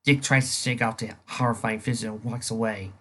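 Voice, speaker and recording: A comic reader narrating panels aloud, animated, sometimes stumbling over words. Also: medium pitch, brisk, husky. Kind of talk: reading a comic aloud with voices.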